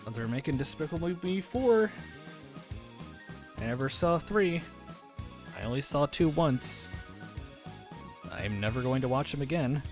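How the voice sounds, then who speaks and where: A man's voice: mid-range voice, lively intonation, unhurried, pauses often. A man chatting casually on a livestream, rambling and answering his chat aloud. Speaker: streamer. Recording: music playing under voice. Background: background music.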